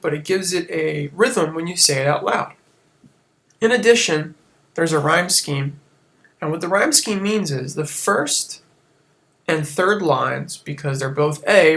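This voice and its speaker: A man's voice: fairly high pitch, a bit bright. Casual male teacher explaining poetry forms. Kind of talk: recorded classroom lesson.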